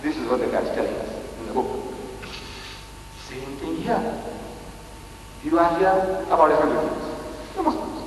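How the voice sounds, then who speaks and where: A man's voice: on the high side, lively intonation, normal speed, pauses often, distant mic, slight background noise. An older man with a South African accent giving an emphatic public lecture, repeating phrases and asking the crowd rhetorical questions. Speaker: Islamic lecturer. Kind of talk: public lecture to a live audience. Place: large hall with live audience. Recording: echoey hall recorded from afar.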